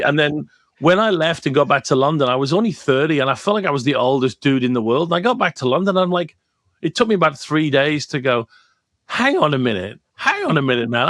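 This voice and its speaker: British man in his fifties, animated, swears and jokes, dry close sound. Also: on the high side, dry recording. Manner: animated, swearing freely, joking. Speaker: guest marketing professor. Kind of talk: casual podcast interview.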